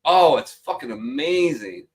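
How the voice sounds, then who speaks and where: A man's voice: mid-range voice, animated, a little slow. A middle-aged man with a mid-range voice talks loosely and profanely, reading meme captions aloud between chuckles. He swears freely and keeps a joking, irreverent tone throughout the casual chat. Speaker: show host reading memes.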